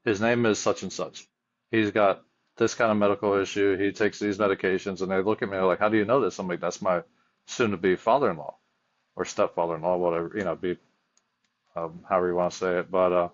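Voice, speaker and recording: Deep-voiced man telling earnest stories. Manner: earnest storyteller with frequent restarts. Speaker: firefighter and chaplain guest. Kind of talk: casual podcast conversation. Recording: dull lo-fi audio.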